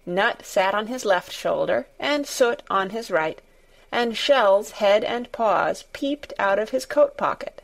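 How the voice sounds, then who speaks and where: Slow, measured woman storyteller. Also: medium pitch, animated, gravelly. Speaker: narrator. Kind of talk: storybook narration.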